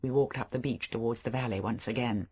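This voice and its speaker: An audiobook narrator reading a first-person story with expressive delivery. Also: medium pitch, brisk, husky.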